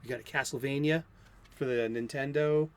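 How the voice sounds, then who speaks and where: A man's voice: medium pitch, fairly even intonation, moderate pace, a little hiss or hum. A man hosting a daily comic book talk show, chatting loosely and enthusiastically with many restarts and fillers, recorded lo-fi at home. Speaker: comic book channel host. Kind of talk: unscripted casual chat.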